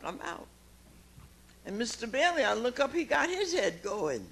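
A woman, giving an emphatic personal testimony to a recovery meeting, dropping quiet and then rising to loud exclamations. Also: fairly high pitch, very animated, unhurried, creaky, long pauses, slightly rough. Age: 90s.

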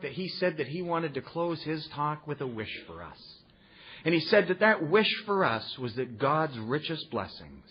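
A man's voice: a little high, husky, highs cut off. A man telling his recovery story to a live gathering, earnest and repetitive, checking in with the audience with a "huh?". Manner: earnest, repeats phrases, tag "huh?" to the audience. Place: meeting room with audience.

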